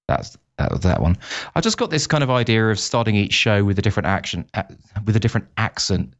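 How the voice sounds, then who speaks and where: A man's voice: fairly low pitch, fast talker. A man co-hosting a podcast, chatting casually and eagerly laying out his plans. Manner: lively, eager to share plans. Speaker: podcast co-host. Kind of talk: casual chat. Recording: dull lo-fi sound.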